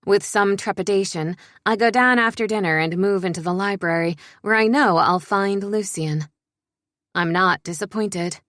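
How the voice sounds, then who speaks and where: A young woman reading a first-person story in a soft, measured, introspective way. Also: mid-range voice, no echo, clean studio sound. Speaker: narrator.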